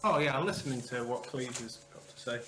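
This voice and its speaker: Male player, low-key, mid pitch, noisy call audio. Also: fairly quick. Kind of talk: casual chat. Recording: loud noisy home mic.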